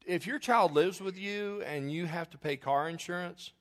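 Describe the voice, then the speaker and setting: A man's voice: high voice, moderate pace, slight background noise. A middle-aged man pastor preaching a sermon, telling folksy family stories and acting out the quoted voices.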